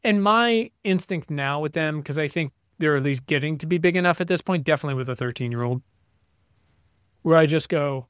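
A man's voice: on the high side, a little fast, fairly bright tone, smooth, no room sound, clean studio sound. A middle-aged man co-hosting a casual chat, telling a profane, ranting story about his kids. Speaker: podcast co-host.

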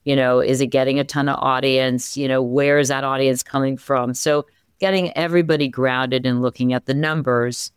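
A newspaper executive from the Philadelphia area, talking energetically in an interview with lots of restarts and sudden lifts in pitch. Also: normal speed, clear, resonant tone, no echo, clean studio sound. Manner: energetic, animated, many restarts. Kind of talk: conversational interview.

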